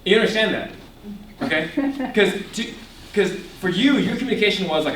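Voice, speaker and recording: A young man with a fairly high voice gives an animated teaching talk, quizzing his listeners and laughing often. He sounds set back from the mic in an echoey room, with a faint hum of ambience behind him. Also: fast talker, distant mic. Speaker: ministry speaker. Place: echoey room before a live audience. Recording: echoey room, voice picked up from afar.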